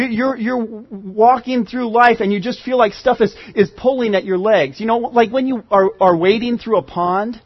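A man's voice: sits high, no echo, lo-fi sound. A man preaching a sermon as pastor, earnest and conversational, often restarting his phrases.

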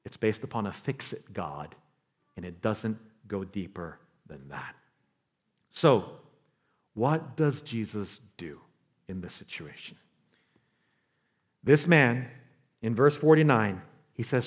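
A man preaching a sermon as pastor, telling stories with animation, acting out quoted voices and dropping to a quiet, slow delivery for emphasis. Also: fairly low pitch, big pitch swings, husky.

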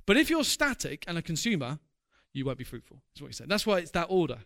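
A man with a high, light voice preaching from the pulpit. He speaks earnestly and personally, and his delivery swells into passionate, emphatic preaching. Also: very animated, fast, creaky, fairly bright tone. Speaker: pastor. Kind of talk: sermon.

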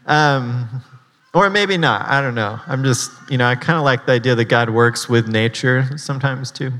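A man's voice: mid-range voice, fairly even intonation, moderate pace, fairly bright tone. Chatty man preaching in a reverberant hall. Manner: chatty, with rambling asides and fillers. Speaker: pastor. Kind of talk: casual sermon.

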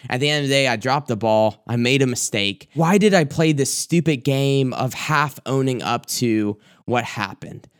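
A man's voice: medium pitch, animated, normal speed, hardly any pauses, clean tone. A young man, a youth pastor, telling a candid personal story of his own mistake as a sermon testimony, with lots of casual fillers.

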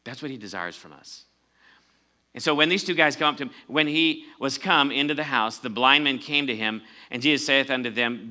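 Male pastor, bright and forceful tone, casual sermon delivery with emphatic swells. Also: mid-range voice, lively intonation, normal speed. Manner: conversational preaching, rising to emphatic peaks.

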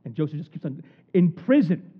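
A man preaching a sermon in an animated storytelling manner, acting out the people in the story. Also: fairly high pitch, brisk, slightly rough. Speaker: pastor. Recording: tinny phone-like recording.

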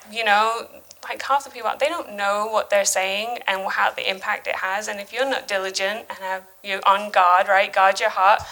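Woman in her 30s, conversational church talk, lightly gravelly voice, mid pitch. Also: rough recording. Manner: chatty and animated, with many fillers and asides. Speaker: speaker at a church. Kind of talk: casual sermon.

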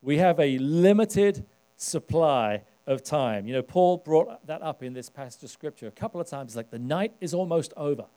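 Middle-aged British pastor, higher voice, warm tone, chatty preacher who fires questions at the congregation. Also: male voice, expressive, moderate pace, clear, resonant tone. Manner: conversational, rallying the congregation with questions. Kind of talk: sermon. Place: church service.

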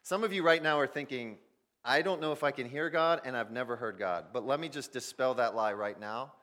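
Guy preaching, goes big and loud then drops way down soft, talks right to the crowd. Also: medium pitch, fairly quick. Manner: dynamic, swings from loud emphasis to near-whisper; addresses listeners directly as "guys". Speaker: pastor. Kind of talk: sermon.

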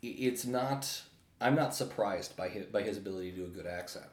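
A man chatting casually on a podcast, animated, laughing often and restarting his sentences. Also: on the low side, a little fast, roomy sound. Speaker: podcast co-host. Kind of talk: casual chat.

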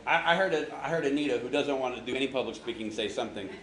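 A man's voice: mid-range voice, racing, a bit bright, a little hiss or hum. Joking man teaching in an echoey hall. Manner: joking, quizzes the audience, slangy. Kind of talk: casual Bible lesson to a group. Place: large room with an audience. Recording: echoey hall with faint ambience.

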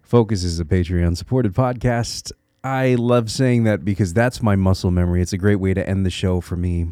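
This podcast host from Connecticut, USA, has a deep, dark voice with fairly even intonation and speaks at normal speed on his solo show. He talks earnestly and reflectively, offering encouragement and restarting small bits as he thinks aloud, in studio quality with no room sound.

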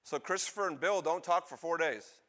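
Male pastor, sermon storytelling, bright and slightly high voice, animated delivery. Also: moderate pace. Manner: animated, acts out characters' lines.

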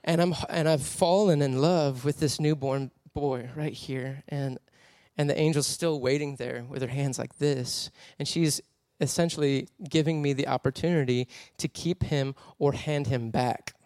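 A man preaching a sermon as a personal story, animated and laughing often as he tells it. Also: medium pitch, a little slow, few pauses, no room sound, clean studio sound.

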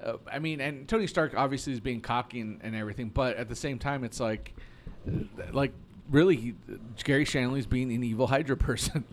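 A man's voice: mid-range voice, a little fast, a little hiss or hum. A man on a casual movie podcast who rants in a rambling way, swearing and saying "like" a lot. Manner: rambling and ranty, profane, many likes. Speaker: podcast co-host.

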